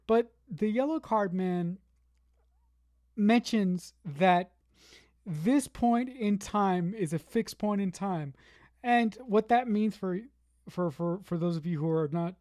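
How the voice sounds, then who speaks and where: A mid-pitched voice co-hosting a TV recap podcast, thinking out loud, stumbling over restarts and throwing in the odd curse. The sound is close and dry, with no room around it. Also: dry recording. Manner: rambling, restarts, frequent fillers, swearing. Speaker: podcast co-host. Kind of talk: casual TV recap discussion.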